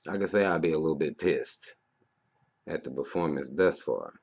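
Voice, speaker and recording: A man in his thirties giving a profane, rambling casual monologue as a vlogger, breaking into loud animated outbursts. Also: extremely low pitch, normal speed, vocal fry. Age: 30s.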